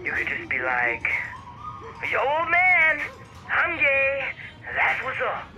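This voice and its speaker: A man's voice: very high-pitched, huge pitch swings, takes it slowly, highs cut off, over loud music, heavily acted. An actor playing a cocky, joking teenage boy who teases his best friend, in a scripted audio drama. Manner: brash, teasing, swaggering.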